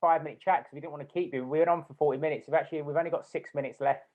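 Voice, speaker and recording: A man co-hosting a podcast on a video call, quick, jokey and self-deprecating. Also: fairly high pitch, fairly even intonation, narrow, tinny audio. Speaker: podcast co-host. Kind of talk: casual interview chat.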